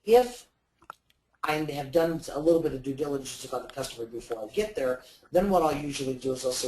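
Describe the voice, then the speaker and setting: A man's voice: on the high side, animated, moderate pace, roomy sound, slight background noise, poor audio. A man giving sales advice as a webinar guest, talking in a rambling way with many fillers and restarts. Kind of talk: webinar talk.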